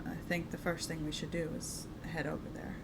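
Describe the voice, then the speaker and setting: A woman narrating as game master of a tabletop game, hesitant and halting, with frequent fillers. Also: low voice, little pitch movement, heavy background noise.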